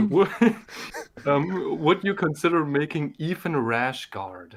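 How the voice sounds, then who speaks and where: A man's voice: fairly high pitch, expressive, slow, crowd noise. A man co-hosting a live stream, reading out viewer questions in a hesitant, stammering way. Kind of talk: casual live-stream chat.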